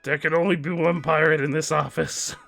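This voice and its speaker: A man voicing a boisterous male pirate who growls "arr" and boasts loudly during livestream gameplay banter. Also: on the high side, fairly even intonation, a little fast, gravelly, soft background music, pitched above the performer's own voice. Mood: boastful.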